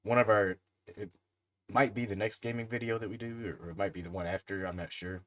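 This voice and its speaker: A man co-hosting a podcast, chatting in a relaxed way, asking questions and swearing casually. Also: on the low side, fairly quick. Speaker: podcast co-host.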